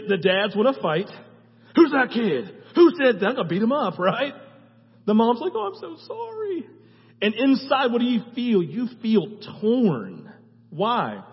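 A man with a fairly high, husky voice preaches a conversational sermon and keeps asking his listeners "right?". The recording is muffled, with long reverb from a church hall. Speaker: pastor. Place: church sanctuary.

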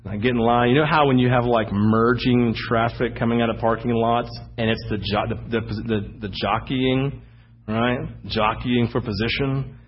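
A man preaching as the pastor, telling animated stories with sudden loud bursts. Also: medium pitch, moderate pace, husky, lo-fi sound. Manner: animated storytelling, acting out anecdotes with sudden shouts. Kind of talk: sermon.

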